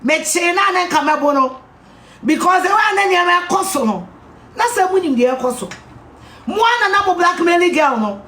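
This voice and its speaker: A Ghanaian woman with a Twi-speaking accent, ranting angrily at a political figure, shouting insults and repeating herself. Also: extremely high pitch, animated, brisk, echoey room, a little hiss or hum. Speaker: political commentator. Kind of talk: angry rant.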